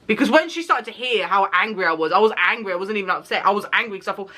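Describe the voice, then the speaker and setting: A British woman in her twenties, an animated and dramatic storyteller who laughs and swears while she vlogs. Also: medium pitch, rapid-fire, few pauses. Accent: British English. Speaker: YouTuber. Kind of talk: storytime vlog.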